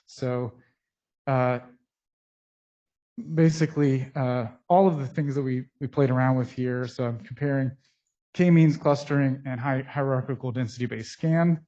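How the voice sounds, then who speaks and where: A man giving a conference lecture on his research, speaking in a technical, halting way with frequent pauses, into a microphone. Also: medium pitch, darkish tone. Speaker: scientist presenting research. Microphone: speaking into a mic. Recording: dull, muffled through a face mask.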